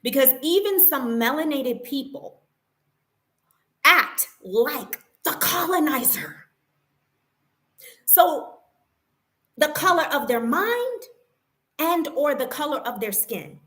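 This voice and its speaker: Indignant woman vlogger, high bright voice, emotional storytelling with restarts. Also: very animated, slow, pauses often. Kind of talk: personal story vlog.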